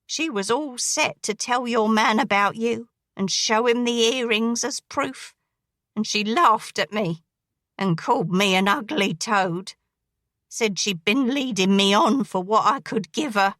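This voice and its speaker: A menacing, crippled male dressmaker, a killer, as a woman reads him. He confesses in a slow, brooding drawl, in a bright, tense tone. The sound is dry and close, as in an audiobook. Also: fairly high pitch, no room sound. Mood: brooding confession. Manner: slow, brooding, coarse dialect.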